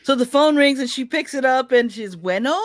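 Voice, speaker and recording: A woman storyteller telling a personal story live, in an animated, conversational way that speaks straight to the audience. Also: high voice, brisk, no echo, studio quality.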